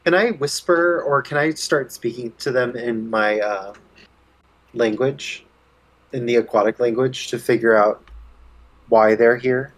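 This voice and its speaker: A man's voice: mid-range voice, unhurried, low-quality recording. A man playing a bard in a tabletop game, musing and thinking aloud. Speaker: player.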